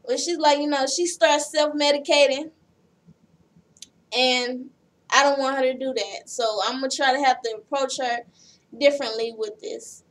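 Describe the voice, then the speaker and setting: A high-pitched woman rambles through a reality show recap in a blunt, salty, chatty way. She sits a fair distance back from the microphone. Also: steady tone, normal speed. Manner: blunt, profane, chatty storytelling. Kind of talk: casual recap chat.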